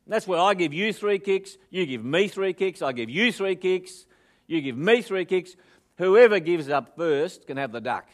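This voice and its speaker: Cocky old bush farmer, Australian drawl, a bit high, put on by a man telling a joke. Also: lively intonation, measured pace. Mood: folksy.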